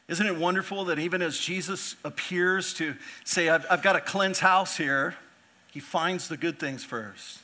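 Bright-voiced man preaching a sermon. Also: sits high, a little slow. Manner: earnest preaching, swells louder on key points. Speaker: pastor.

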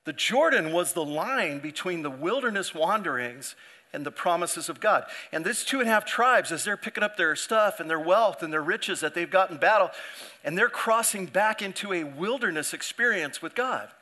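In a conversational sermon, a male pastor keeps restarting his sentences and acts out the people he quotes. His voice is high, expressive, bright, and forceful, delivered at a moderate pace.

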